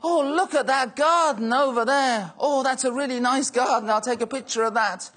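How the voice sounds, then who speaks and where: A man's voice: very high-pitched, moderate pace. A man doing a gushing, dreamy nature lover. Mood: delighted. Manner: lingering, gushing over every sight. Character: dreamy nature-loving young man on a walk.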